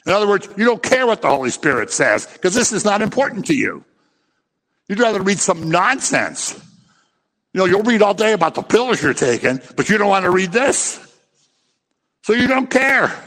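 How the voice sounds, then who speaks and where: A man's voice: sits high, very animated, normal speed, a bit bright. Impassioned preacher man in a reverberant hall. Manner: impassioned, scolding, acts out little scenes. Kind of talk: sermon.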